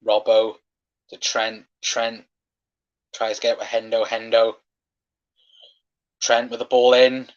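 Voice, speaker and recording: A man's voice: medium pitch, little pitch movement, takes it slowly, long pauses. A man hosting a live football watchalong, passionately ranting and swearing at referee decisions, on a dull lo-fi stream mic. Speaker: fan watchalong host.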